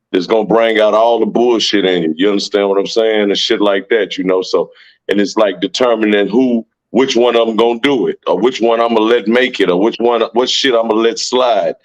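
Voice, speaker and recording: A man with a fairly low voice talks bluntly and profanely in heavy street slang, often ending his sentences with "man". The recording sounds dull and lo-fi. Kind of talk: casual conversation.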